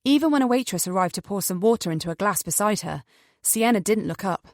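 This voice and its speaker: A woman narrating an audiobook thriller in an even, measured storytelling voice. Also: medium pitch, dry recording, clean studio sound. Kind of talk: scripted narration.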